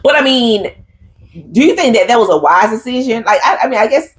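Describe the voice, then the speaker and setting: A woman's voice: fairly high pitch, expressive, brisk, slight background noise. A woman co-hosting a casual chat, teasing and sassy, calling people honey. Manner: teasing, sassy, says honey and child a lot. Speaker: podcast co-host.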